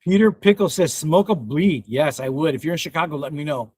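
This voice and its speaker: A man in his fifties chats on a casual livestream in a fairly high voice, excitable and quick to laugh. He swears freely as he answers the chat, and the sound is close and dry. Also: breathy edge, dry recording. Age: 50s. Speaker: livestream host reading chat.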